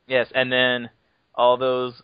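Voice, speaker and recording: A man's voice: mid-range voice, monotone, slow, clean tone, dry recording. A man hosting a podcast who asks questions and teases his guest in playful banter. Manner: playful and teasing. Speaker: podcast host. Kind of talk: casual podcast chat. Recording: dry, muffled lo-fi podcast audio.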